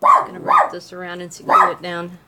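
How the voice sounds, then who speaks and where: A woman's voice: lowish voice, wildly swooping pitch, normal speed, very noisy. A woman making jewelry at home, chatting casually with viewers as she works and answering their questions. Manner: chatty, laughs easily, talks to viewers by name. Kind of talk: casual livestream chat while crafting. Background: dog barking.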